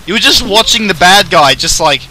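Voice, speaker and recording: A young Australian man with a strong accent, narrating his own gameplay with jokes and shouted cries. His voice is high and very bright. A faint hiss sits under the recording. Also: brisk, poor audio. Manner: excitable, joking, shouts battle cries. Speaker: streamer. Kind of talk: casual gameplay commentary.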